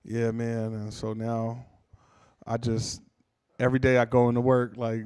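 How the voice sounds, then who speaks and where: Doing a stand-up set, a man tells stories in a casual, animated way and acts out character voices. His voice is medium in pitch, smooth, and a little slow, with no echo.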